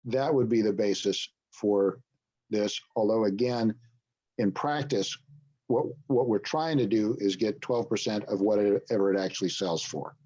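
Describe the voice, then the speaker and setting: A man's voice: on the low side, measured pace, dark tone, slightly rough, lo-fi sound. A man leading a business broker training, explaining points and checking in with "okay?". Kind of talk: training session talk.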